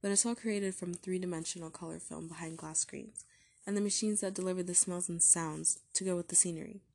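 A woman reading the part of a calm husband and father in a story, speaking in an easy, soothing way. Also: lowish voice, brisk. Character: reassuring, slightly dismissive husband and father.

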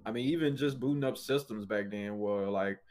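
A man's voice: fairly low pitch, fairly quick, a little mellow. A man hosting a casual gaming podcast, laid-back, telling stories and laughing often. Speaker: podcast host. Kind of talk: casual chat.

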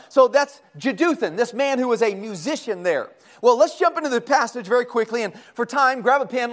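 Preacher, male, unusually high voice, folksy and chatty, quizzes the congregation as he teaches. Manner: folksy, conversational, asks the congregation questions. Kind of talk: sermon, Bible study.

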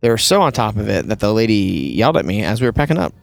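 A man from the American South, hosting a casual podcast chat as a wedding photographer and telling lively anecdotes. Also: fairly low pitch, fast talker, creaky. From Southern United States. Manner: chatty storyteller, acts out voices in anecdotes.

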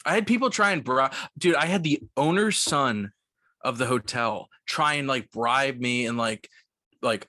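In a dry, studio-quality recording, a young male podcast co-host with a mid-range voice speaks at a moderate pace. He tells stories in casual chat, swearing a lot, quoting people animatedly, and sounding a bit tipsy.

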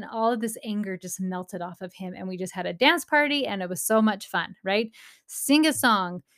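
A woman in her thirties talks straight to parents in a relaxed, encouraging way. Her tone is earnest and friendly, and she now and then brings in faith. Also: a little high. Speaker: parenting podcast host. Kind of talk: casual motivational talk.

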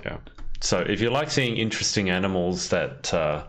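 A man's voice: low voice, lively intonation, moderate pace, fairly bright tone, slight background noise. A man, co-hosting a podcast in casual chat and explaining things at length. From Australia. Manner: chatty, explains facts at length.

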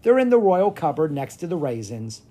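A storybook narrator voicing a grumbly, dramatic royal cook, raised a little in pitch and loudness, with a lively, breathy delivery. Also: normal speed. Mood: grudging. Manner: dramatic, sighing.

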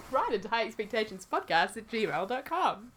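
A woman's voice: a little high, very animated, moderate pace, a bit bright, slight background noise. A young woman co-hosting a podcast in casual chat, laughing often and reading listener reviews aloud. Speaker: podcast co-host.

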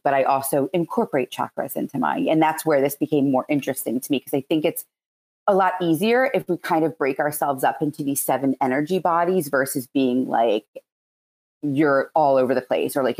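Her voice rumbles low with a darkish tone, and she talks fairly quickly. She's a woman with a Philadelphia accent, a Reiki practitioner appearing as a podcast guest, rambling casually through her explanations.

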